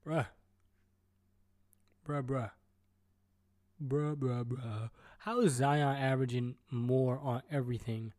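A man's voice: mid-range voice, takes it slowly, pauses often, darkish tone. A man hosting a solo podcast from home, ranting and rambling with lots of swearing, stuttering and restarting as he jumps between topics. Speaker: podcast host.

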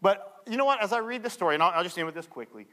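A male pastor preaching a sermon, telling a story and acting out the people in it with lively energy. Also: high voice, racing, long reverb tail. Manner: animated storyteller acting out dialogue.

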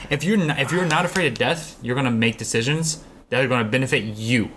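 A man's voice: medium pitch, fast, a bit bright, slight background noise. A man in his twenties in casual chat, blunt and swearing heavily as he rants. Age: 20s.

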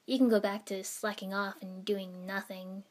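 A woman's voice: medium pitch, flat delivery, moderate pace, lightly acted. A woman reading a story aloud, voicing a kind young male ninja teacher who explains things patiently. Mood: friendly. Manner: friendly, explaining.

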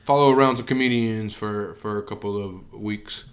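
A man co-hosting a comedy podcast in casual chat, animated and often restarting his sentences. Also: lowish voice, normal speed. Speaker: podcast co-host.

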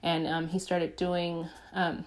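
A woman's voice: on the low side, little pitch movement, takes it slowly. A woman casually retelling a movie plot, chatting with lots of fillers and acting out the characters' quotes. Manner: chatty storytelling with acted-out quotes and frequent fillers. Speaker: movie reviewer. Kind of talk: casual film recap.

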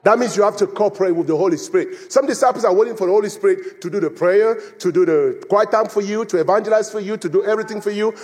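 High-voiced male preacher in a reverberant hall. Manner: animated storytelling, acting out quoted voices with laughter. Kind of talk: sermon. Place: church in Phoenix.

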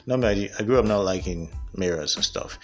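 Low-voiced man giving a rambling pep talk. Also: quick pace, soft background music. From Africa. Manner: candid, rambling, laughs at himself. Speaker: podcast host. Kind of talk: solo motivational talk.

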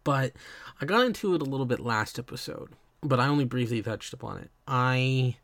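A man's voice: mid-range voice, animated, fairly quick, a bit bright, dry recording. A young man hosting a solo podcast monologue, rambling and self-deprecating with many fillers. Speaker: podcast host.

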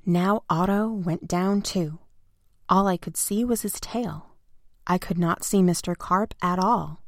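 A woman reading a children's storybook aloud in the first person, simple and expressive. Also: on the low side, slow pace, dry recording, studio quality. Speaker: narrator.

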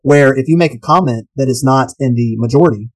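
A man co-hosting a casual podcast, talking animatedly and posing rhetorical questions with sudden jumps in pitch. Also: brisk, poor audio. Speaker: podcast co-host.

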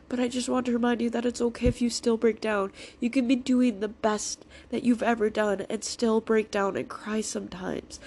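A woman's voice: a little high, darkish tone, a little hiss or hum. A woman in a raw, emotional personal vlog, talking through tears, reassuring herself and swearing freely. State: crying, emotional. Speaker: vlogger.

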